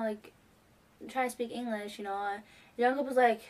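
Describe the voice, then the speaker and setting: A young woman telling an excited, rambling story to camera, filled with "like". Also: fairly high pitch, a little fast. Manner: excitable, heavy use of "like". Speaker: fan vlogger. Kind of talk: casual storytelling.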